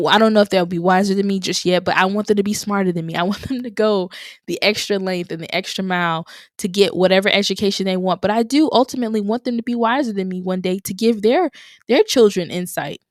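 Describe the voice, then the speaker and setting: A young woman with a brisk, medium-pitched voice hosts a solo motivational podcast, speaking encouragingly and repeating phrases for emphasis. The studio-quality recording has no echo.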